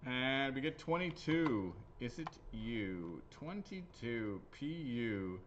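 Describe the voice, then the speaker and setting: A man's voice: mid-range voice, sing-song, slow, hardly any pauses. A man hosting a live raffle draw, chatting casually, joking crudely and rambling between draws. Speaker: raffle host. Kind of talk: casual live-stream chat. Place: his golf shop or driving range. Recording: slightly dull lo-fi audio.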